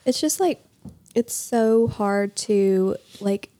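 Earnest woman with a mellow voice. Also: mid-range voice, expressive, slow. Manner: earnest, thinking aloud with fillers. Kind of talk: casual faith discussion.

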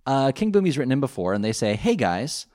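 A man's voice: mid-range voice, big pitch swings, fast talker, darkish tone. A man co-hosting a casual podcast, rambling with lots of fillers and restarts. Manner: rambling, many fillers and restarts, laughs easily. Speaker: podcast co-host. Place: home.

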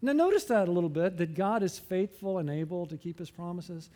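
A man's voice: high-pitched, expressive, fairly quick, warm tone. A middle-aged man preaching a sermon in a conversational way, often asking the congregation questions and joking at his own expense. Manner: self-deprecating humor. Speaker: pastor.

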